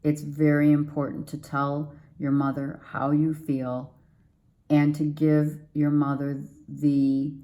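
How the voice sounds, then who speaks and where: A woman's voice: low voice, completely flat delivery, slow pace, warm tone. A woman giving a casual, rambling tarot reading to her viewers. She repeats herself and keeps an upbeat, encouraging tone. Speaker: tarot reader.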